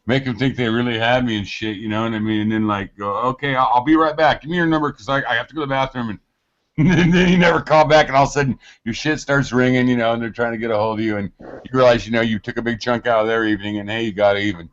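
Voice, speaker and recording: A man's voice: mid-range voice, steady tone, fast talker, a bit bright, dull audio. A man bantering in casual chat, joking and rambling.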